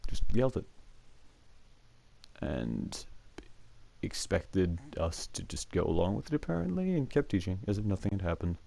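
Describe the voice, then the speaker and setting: With a low, gravelly, sing-song voice, mellow and at normal speed, a young man hosting his own show tells meandering school stories to the camera. He leaves long pauses, uses plenty of fillers, chuckles often, and his mic cuts out.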